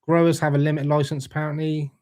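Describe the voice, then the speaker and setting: A man's voice: on the high side, level tone, quick pace, warm tone. Laid-back British man chatting on a livestream. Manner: laid-back, swears freely, jokey banter with chat. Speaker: livestream host. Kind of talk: casual live chat reading comments.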